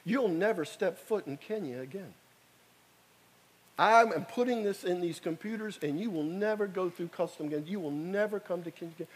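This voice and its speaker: A man's voice: sits high, normal speed, husky. A man voicing a stern female customs officer. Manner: curt, repetitive refusals.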